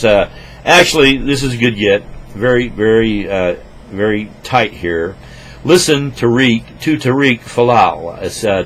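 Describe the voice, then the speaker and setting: A man ranting crudely into a computer microphone at his home desk, rambling and swinging between loud outbursts and low mutters. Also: a little hiss or hum, low-quality recording. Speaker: vlogger. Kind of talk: rambling profane rant to camera.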